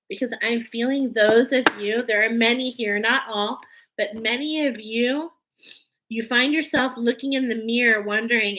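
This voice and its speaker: A woman's voice: on the high side, measured pace, background noise. A woman giving an emotional, earnest spiritual oracle card reading, teary at times.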